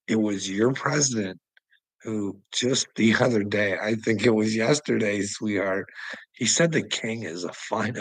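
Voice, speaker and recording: The voice here is fairly low and a bit bright, recorded dry and rough: a Canadian livestream host with a Canadian accent, ranting crudely and casually in answer to his chat, swearing frequently and laughing between comments.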